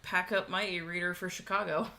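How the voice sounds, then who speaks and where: A woman's voice: fairly low pitch, fairly even intonation, brisk, sharp tone, slight background noise. A woman co-hosting a casual livestream chat in an easygoing, practical way, laughing often. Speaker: co-host.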